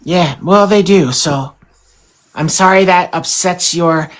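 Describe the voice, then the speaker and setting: A woman on the panel voices her hand puppet, needling and sarcastic. Her tone is slightly low, and she argues every point with pedantic precision in a heated live debate. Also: slow. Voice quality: speaking through a hand puppet. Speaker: panel guest.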